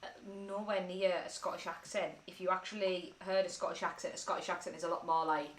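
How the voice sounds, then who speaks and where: A woman's voice: lowish voice, fairly even intonation, fast, far from the mic. A young woman from northern England co-hosting a casual live stream, teasing and playful. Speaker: podcast co-host. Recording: roomy, off-mic with faint background noise.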